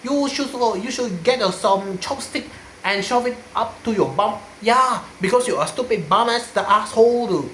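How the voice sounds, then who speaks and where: A man's voice: high-pitched, expressive, normal speed, fairly bright tone. A man playing a foul-mouthed, scornful scolding man. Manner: insulting, scornful. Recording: echoey room, faint hiss.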